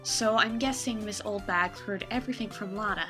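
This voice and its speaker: A woman's voice: mid-range voice, moderate pace, music in the background. A woman hosting a let's play, reading game text aloud with playful, wry asides.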